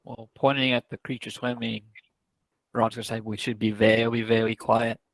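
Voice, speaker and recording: A man playing a tabletop game, describing his character's actions and cracking jokes. His voice is gravelly, with a mid pitch. The recording is dry and close. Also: flat delivery, moderate pace, no echo, low-quality recording. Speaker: player.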